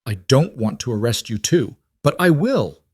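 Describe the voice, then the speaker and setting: A man's voice: medium pitch, very animated, normal speed, darkish tone, slightly rough, no room sound, voice pushed up. A man voicing a stern frontier sheriff who speaks in a firm, official way. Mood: warning.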